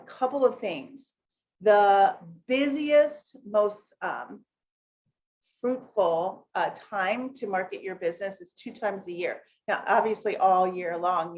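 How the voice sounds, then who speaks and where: A middle-aged woman from the United States hosts a livestream in a loose, chatty way, trailing off into fillers and starting sentences over. She breaks off to greet her viewers by name with a lift in her voice, then settles back into her coaching talk. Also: medium pitch. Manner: chatty and rambling, many fillers and self-corrections. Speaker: network marketing coach hosting a live session.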